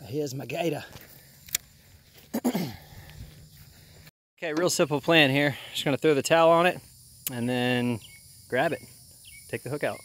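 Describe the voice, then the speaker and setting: Male fishing vlogger, a bit high-pitched, excitable and jokey, outdoors by a pond with faint crickets behind. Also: a little slow, long pauses, slight background noise. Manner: excitable, joking, chuckles often. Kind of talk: casual outdoor commentary.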